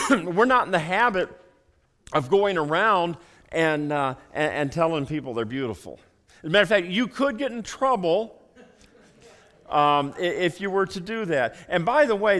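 A man preaching a sermon as pastor in a church, folksy and animated, often repeating and restarting phrases. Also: high voice. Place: church sanctuary.

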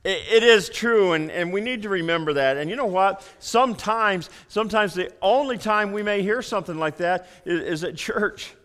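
A man preaching a sermon as pastor in a church, folksy and animated, often repeating and restarting phrases. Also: high voice, normal speed, few pauses. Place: church sanctuary.

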